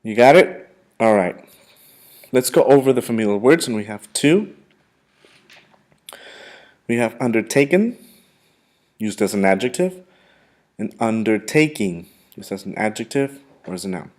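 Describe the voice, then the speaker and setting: Man teaching vocabulary, slow and emphatic. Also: on the low side, expressive, darkish tone. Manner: slow, emphatic pronunciation with repeated words. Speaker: English teacher. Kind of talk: vocabulary lesson.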